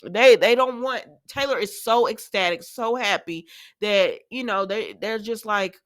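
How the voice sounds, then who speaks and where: Young woman doing a chatty soap recap, mid pitch, loose and paraphrasing, talks right to her viewers. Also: a little slow, a bit bright. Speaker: soap opera recap host. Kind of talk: casual recap chat.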